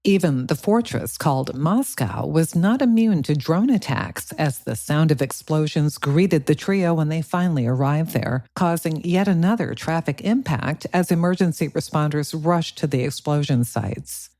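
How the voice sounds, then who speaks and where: A man narrating a political thriller audiobook in a steady, even reading. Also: a little high, moderate pace, few pauses, no echo. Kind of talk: scripted narration.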